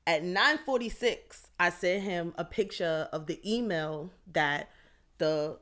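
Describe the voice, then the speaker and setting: A woman's voice: lowish voice, slow. A woman co-hosting a podcast, casually telling a story with lots of swearing and quoted texts. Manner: animated, swearing, quotes her own texts. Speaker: podcast co-host.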